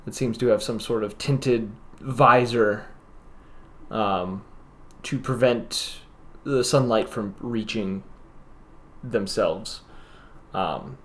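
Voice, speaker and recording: A man narrating as game master of a tabletop role-play, describing the scene with halting fillers. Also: on the low side.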